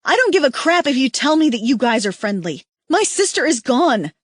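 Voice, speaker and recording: A woman voicing a furious, desperate young woman who yells and swears, in an audiobook. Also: high voice, sing-song, brisk, no room sound, studio quality, pitched above the performer's own voice. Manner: yelling, swearing.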